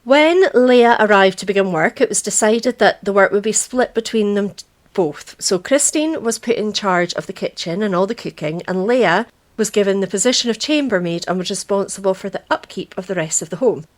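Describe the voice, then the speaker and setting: A woman's voice: medium pitch, expressive, fairly quick. A woman from Britain co-hosting a casual true crime podcast, reading the case and breaking off to joke and laugh with her co-host. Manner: chatty, jokey, laughs often.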